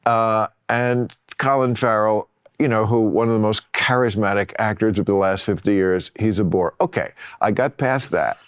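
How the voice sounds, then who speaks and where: A middle-aged man hosting a podcast, chatting casually and telling stories with animated swings and frequent laughs. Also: on the low side, normal speed, hardly any pauses, clear, resonant tone, no echo, clean studio sound. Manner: animated storytelling, laughs often. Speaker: podcast host. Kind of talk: casual chat.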